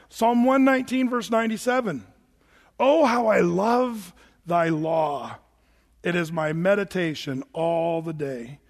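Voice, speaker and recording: A man preaching a sermon as pastor, animated and emphatic, slipping into quoted voices as he reads and jokes. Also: sits high. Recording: long hall reverb.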